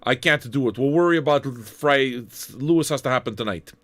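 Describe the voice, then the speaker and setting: A man's voice: medium pitch, normal speed, fairly bright tone, no room sound. A man from Canada hosting an online radio show, chatting casually between records in a profane, rambling, jokey way. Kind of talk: casual DJ chat.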